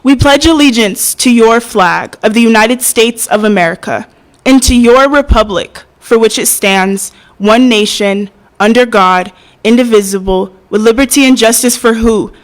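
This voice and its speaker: A woman's voice: a little high, moderate pace, poor audio. Young woman reciting spoken word poetry. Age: young adult. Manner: hesitant and soft-spoken between poems, passionate when reciting. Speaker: open mic poet. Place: open mic venue.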